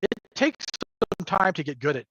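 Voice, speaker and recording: Sounding a little high, sing-song, and somewhat bright at a moderate pace, this man guests as game master on a casual livestream. He rambles with frequent fillers and chuckles, coming through a remote call mic with dull lo-fi sound and a little hiss or hum.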